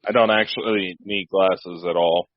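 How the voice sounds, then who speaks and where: A man's voice: low-pitched, fairly even intonation, moderate pace, no echo. A man co-hosting a podcast and answering his partner's jokes in an easygoing, wry way. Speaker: podcast co-host. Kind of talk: casual chat. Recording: muffled dry home recording.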